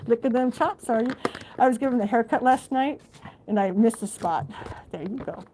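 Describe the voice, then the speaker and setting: A woman from Alaska live streams from her living room, chatting casually, reading viewer comments, and talking to her dog. Her voice is on the high side and she speaks at a normal speed, captured in a noisy home recording.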